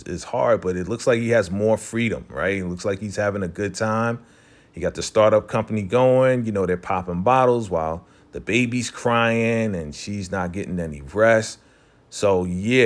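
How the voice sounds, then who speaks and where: A man casually recapping a TV episode, loose and chatty, filling his talk with "you know" and "right?" and briefly voicing characters as he retells scenes. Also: fairly low pitch. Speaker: TV recap host.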